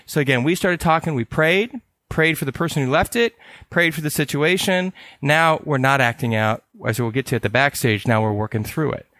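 A middle-aged counselor from California giving a conference talk in a conversational way. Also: male voice, fairly high pitch, a bit bright, no room sound. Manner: conversational, acts out dialogue with quick voice changes. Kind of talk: conference presentation.

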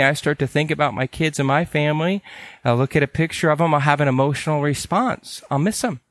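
A man's voice: mid-range voice, fairly bright tone, no room sound. Casual storytelling counselor man, dry sound. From California. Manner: casual, acts out quoted voices in stories. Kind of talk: teaching talk with personal stories.

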